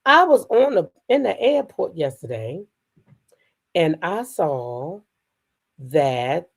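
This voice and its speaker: A woman's voice: lowish voice, sing-song, takes it slowly, breathy edge. A woman hosting a casual gossip commentary show, blunt, profane and sassy, talking straight to her audience. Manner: addresses the audience directly.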